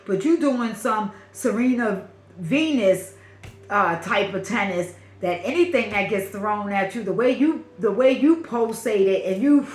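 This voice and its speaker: A woman's voice: mid-range voice, unhurried, roomy sound. A woman from Brooklyn with a Brooklyn accent, giving a channeled spiritual reading in a repetitive, affirming, emphatic way. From Brooklyn, New York. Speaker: spiritual reader.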